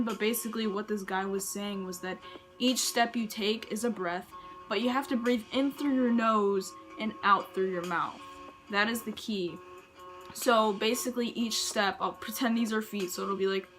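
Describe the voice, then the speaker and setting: A woman's voice: fairly high pitch, moderate pace, a bit bright, soft background music. A young woman giving casual running tips in a chatty, rambling way, full of "like" and restarts. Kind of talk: casual advice vlog.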